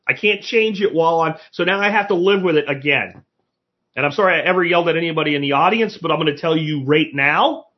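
A man with a fairly high voice hosts a casual live-stream podcast. He talks bluntly and swears freely. The audio is dull and lo-fi. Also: quick pace. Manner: blunt, profane ranting. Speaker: podcast host.

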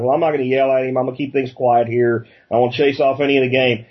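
A man's voice: fairly high pitch, slightly rough, dull audio. A man from Pennsylvania hosting a casual interview, chatty and loose, with plenty of fillers. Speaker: podcast host.

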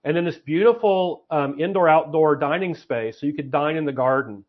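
A man in a relaxed conversation, working through his ideas as he speaks, with plenty of ums and restarts. His voice sits a little above average in pitch, and the audio has a muffled, lo-fi quality. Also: moderate pace. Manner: thinks aloud with fillers and restarts while laying out plans. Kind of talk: casual podcast conversation.

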